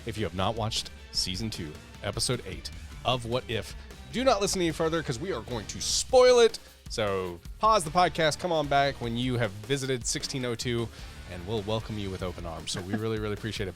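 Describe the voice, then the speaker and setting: A man hosting a podcast in a casual, playful, jokey and energetic way. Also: medium pitch, a little fast, faint music behind. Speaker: podcast host.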